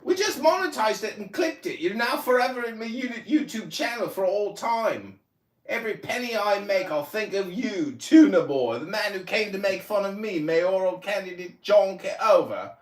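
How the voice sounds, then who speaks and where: A man in his forties hosting a livestream, taunting and mocking an opponent with loud, profane outbursts in a heated argument. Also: high-pitched, expressive, normal speed. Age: 40s. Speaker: livestream host.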